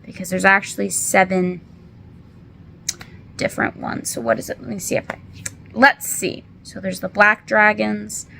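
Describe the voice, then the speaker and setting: A woman's voice: medium pitch, level tone, normal speed, creaky, pauses often, sharp tone, a little hiss or hum. A woman in her twenties casually recapping a book in a chatty, rambling, apologetic way, with many fillers, holding back tears. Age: 20s. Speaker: book reviewer.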